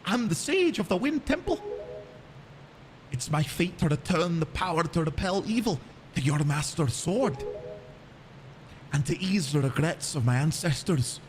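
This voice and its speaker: A man's voice: fairly high pitch, very animated, a little slow, pauses often, big-room sound, a little hiss or hum. A man voicing a tiny, cheerful male forest creature who plays music, with a Scottish accent. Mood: eager. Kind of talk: voicing a game character.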